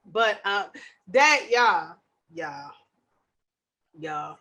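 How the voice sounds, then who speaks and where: Loud, passionate woman podcaster. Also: a little high, very animated, slow pace, pauses often. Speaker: podcast host. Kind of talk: casual chat.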